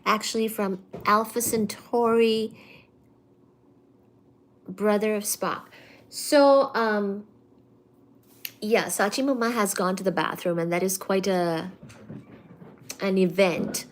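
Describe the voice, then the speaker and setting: A woman's voice: medium pitch, slow pace, pauses often, slight background noise. A woman hosting a casual live study stream from home, chatty and full of fillers, cooing baby talk to her cat between topics. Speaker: livestream host. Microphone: computer mic during a livestream.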